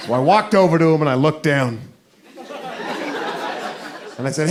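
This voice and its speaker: A man's voice: on the high side, expressive, moderate pace, long pauses, a crowd in the background. A man doing stand-up storytelling, self-mocking and acting out the scene. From United States. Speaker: stand-up comedian. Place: theater stage before a live audience. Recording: live show with audience laughter and noise.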